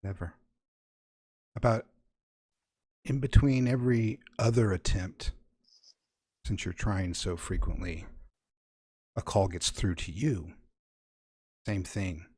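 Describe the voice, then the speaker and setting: A man's voice: low-pitched, slow, pauses often, darkish tone, husky. A man narrating as game master of a tabletop horror game, improvising scenes with wry, playful asides.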